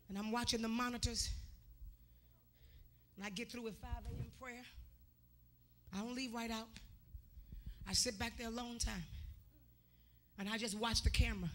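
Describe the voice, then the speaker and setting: A woman preacher delivering a revival sermon in a church, urging the congregation to answer her in a chanted, call-and-response cadence. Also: mid-range voice. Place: church sanctuary.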